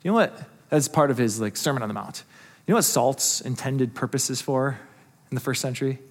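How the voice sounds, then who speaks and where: A man's voice: mid-range voice, brisk. A man preaching a sermon to his congregation, earnest and conversational, asking rhetorical questions. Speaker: pastor.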